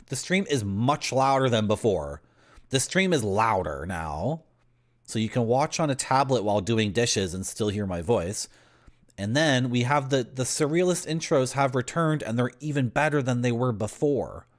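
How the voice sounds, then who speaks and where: A young man streaming a video game live, rambling through deadpan absurd tangents as he plays. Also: mid-range voice. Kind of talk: live gameplay commentary.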